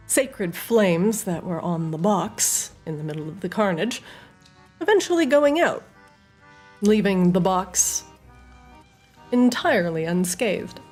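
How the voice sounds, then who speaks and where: Woman, dungeon master, suspenseful narrator, animated pitch, soft music bed. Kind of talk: narrating a tabletop game.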